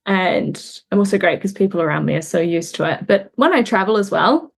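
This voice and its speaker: A woman's voice: medium pitch, expressive, creaky. A young woman from New Zealand, a guest in an interview, speaking earnestly and reflectively about her own experience. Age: young adult. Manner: reflective, earnest, pauses and restarts while recounting. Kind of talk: candid conversational interview.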